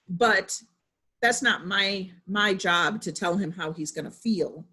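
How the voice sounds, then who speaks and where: A woman's voice: on the low side, a little slow, a bit bright, breathy edge. A woman in her thirties, a parent, giving a casual presentation to parents, chatty and full of personal examples. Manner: conversational, with frequent fillers and personal anecdotes.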